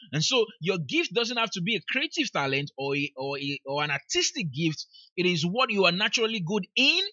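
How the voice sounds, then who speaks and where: A man's voice: sits high, pushed and bright, dry recording, highs cut off. A man with a Nigerian accent giving a motivational teaching talk, emphatic and repeating phrases for emphasis. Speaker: speaker and life coach.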